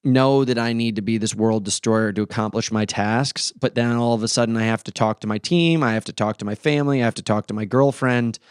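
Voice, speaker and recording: A man's voice: fairly low pitch, fairly even intonation, a little fast, few pauses, clean tone, no room sound, studio quality. A male podcast host talking casually and earnestly, blunt and swearing now and then.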